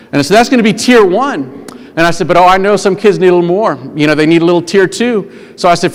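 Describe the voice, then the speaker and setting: Keynote speaker, man, high voice, animated storyteller, recorded in a reverberant hall. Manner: animated, acts out quoted voices. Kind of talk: humorous storytelling speech. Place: large conference hall. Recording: long reverb of a large hall.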